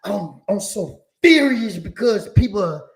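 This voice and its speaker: A man's voice: high voice, expressive, unhurried, gravelly, reverberant, soft background music. A man telling a long story about praying in jail, acting out his talks with God in a preachy, emphatic way. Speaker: commentator in a played clip. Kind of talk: storytelling monologue.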